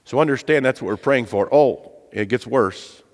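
A man's voice: mid-range voice, normal speed, long reverb tail. A man preaching a sermon, earnest and emphatic, asking his listeners rhetorical questions. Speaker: pastor.

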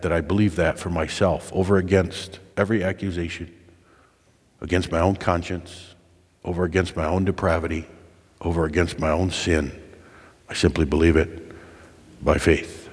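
A deep-voiced man preaching a sermon in a hall with a long reverb. He climbs to rising, emphatic peaks and then falls back to quiet, searching appeals. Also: fairly even intonation, moderate pace, husky.

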